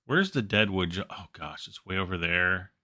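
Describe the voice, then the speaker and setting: A man hosting a farming game video, chatting casually and thinking out loud as he plays. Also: low-pitched, animated, normal speed, slight background noise. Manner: chatty, thinking aloud while playing. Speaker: gaming channel host. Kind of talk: casual gameplay commentary.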